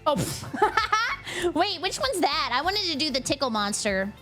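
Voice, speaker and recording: A woman streamer chatting casually on a live stream, excitable and giggly, squealing greetings to her chat. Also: high voice, a little slow, music in the background.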